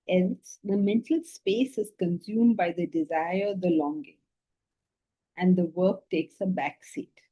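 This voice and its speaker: Woman spiritual teacher, lively lecturing voice full of rhetorical questions, medium pitch, on a dull, muffled recording. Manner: animated, with rhetorical questions and repeated words. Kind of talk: philosophy lecture with storytelling.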